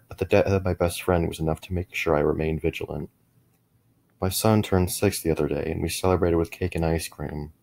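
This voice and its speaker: A middle-aged man narrating a first-person horror story in a measured way, with frequent small restarts. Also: low voice, gravelly, darkish tone.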